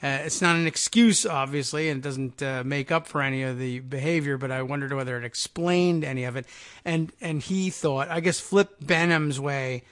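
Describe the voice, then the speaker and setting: A man's voice: mid-range voice, normal speed, a bit bright. A middle-aged man hosting a political talk radio show, musing in a wry, meandering way with frequent fillers and asides.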